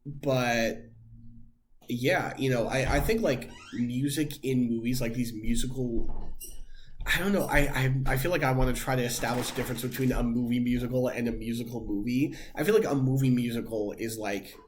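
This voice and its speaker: A young man with a mid-range voice co-hosts a podcast at a moderate pace, with slight background noise behind him. His easygoing chat meanders with plenty of fillers.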